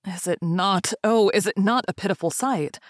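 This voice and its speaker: A woman's voice: medium pitch, normal speed, no room sound, lightly acted. Mournful, shuddering male fiend of the grave, as a woman reader puts him on, pleading in a gibbering, rising voice; dry, close sound. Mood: hushed.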